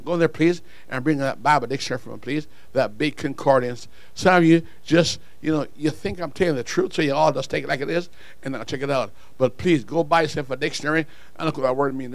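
A man preaching a sermon, swinging from quiet, low asides to shouted calls to the congregation. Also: no echo. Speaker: pastor.

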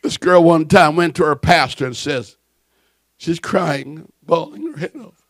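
A male preacher in a church delivering a fiery sermon on microphone, shouting emphatic lines and telling stories with playful asides. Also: on the high side, a little slow, dry recording.

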